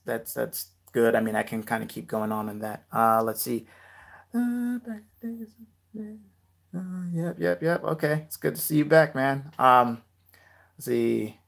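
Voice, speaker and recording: Man, gravelly voice, relaxed live-stream chat, rap coach, lots of ums. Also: medium pitch, a little slow. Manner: relaxed, filler-heavy, reads viewer comments aloud.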